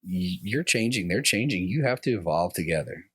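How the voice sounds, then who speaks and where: A man with a very deep voice, talking as a guest in a loose, rambling way and playing out remembered exchanges from home. The sound is dry and close-miked. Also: animated, moderate pace, breathy edge, no room sound. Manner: rambling, acts out remembered dialogue with his wife. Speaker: podcast guest. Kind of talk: casual conversation, personal reflection.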